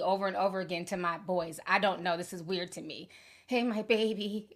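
Woman, vlog host, casual chat, reads texts aloud, flat delivery, sarcastic asides. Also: mid-range voice, a little fast. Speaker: commentary vlogger. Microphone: phone or camera mic at varying distance.

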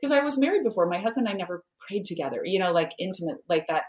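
A woman's voice: fairly low pitch, animated, very fast, a little mellow. A woman, a guest author, talking earnestly in an interview with frequent fillers. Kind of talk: conversational interview talk. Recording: roomy echo.

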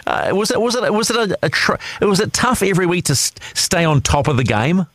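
A man hosting a sports radio show, chatting and teasing his guest in a casual, lively interview. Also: sits high, fairly quick, no room sound.

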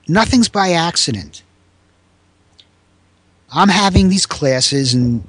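A man in his seventies telling a story in a conversation, animated and acting out the people he quotes. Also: no echo. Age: 70s. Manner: animated, raises pitch to act out quoted people. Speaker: guest, former teacher.

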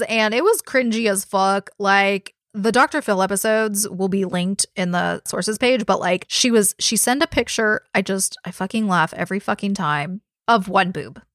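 A woman co-hosting a true crime podcast in casual chat, animated and laughing, swearing often. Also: medium pitch, no echo, clean studio sound. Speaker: podcast co-host.

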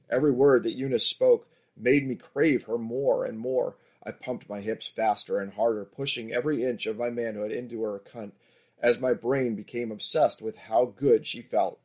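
Man narrating a steady erotic audiobook. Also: mid-range voice, moderate pace.

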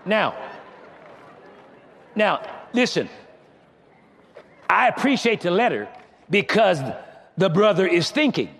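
A man's voice: high voice, big pitch swings, takes it slowly, pauses often, fairly bright tone. A male pastor preaching to his congregation in a conversational style, speaking to them directly. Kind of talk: sermon. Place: church sanctuary.

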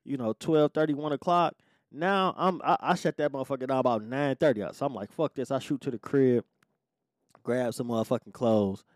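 A man tells a story from his younger days on his podcast, speaking loosely and swearing in nearly every sentence. He slips into other people's voices to act out their lines. His voice sits at a middle pitch, and the recording is dry and close, with no room sound. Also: fairly quick, no echo. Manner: profane, acts out quoted lines. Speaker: podcast host. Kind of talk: casual storytelling.

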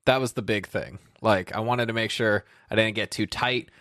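A man's voice: fairly low pitch, steady tone, normal speed, a bit bright, no room sound, studio quality. A man telling rambling, self-deprecating stories in a casual chat, as a podcast co-host.

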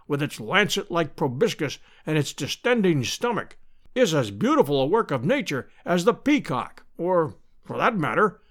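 A man voicing a booming, pedantic older male professor who lectures in a pompous way.

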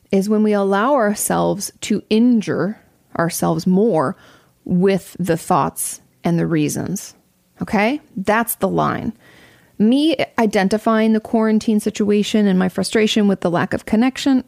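A young adult woman talks through listener questions in a candid, conversational way, swearing freely. Her voice has a gravelly, fry-tinged edge and sits at an ordinary pitch. The sound is close and dry. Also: a little slow, a little mellow, no room sound. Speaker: host answering audience questions. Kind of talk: casual advice talk. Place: home.

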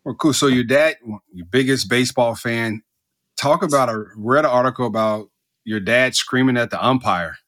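A man's voice: mid-range voice, moderate pace. Male co-host, easygoing, brief questions to keep the guest talking. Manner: relaxed, short prompting questions. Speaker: podcast co-host. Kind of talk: casual interview chat.

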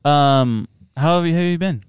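A man co-hosting a podcast in easygoing, joking casual chat, quick to agree with the others. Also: fairly high pitch, smooth, no echo. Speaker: podcast co-host.

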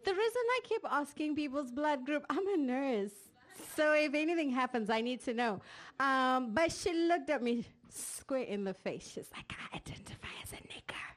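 A woman's voice: high voice, expressive, normal speed. A woman hosting a comedy show, giving playful, hyped introductions of the next act. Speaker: show host and emcee.

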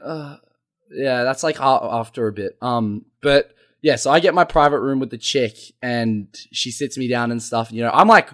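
A man's voice: medium pitch, normal speed, fairly bright tone. A young man telling a crude story to friends, joking and laughing. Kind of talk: casual storytelling chat.

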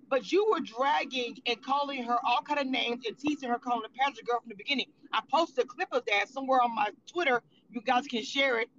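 Blunt, high-voiced woman ranting on a livestream. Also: fairly bright tone, lo-fi sound, a little hiss or hum. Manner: blunt, profane, heated. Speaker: reality TV commentator. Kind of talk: livestream reaction rant.

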